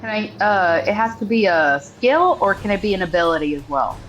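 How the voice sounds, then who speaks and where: A woman's voice: medium pitch, big pitch swings, a little fast, fairly bright tone, slight background noise, poor audio. Hesitant woman tabletop player. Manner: hesitant, asking rules questions. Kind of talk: casual tabletop play.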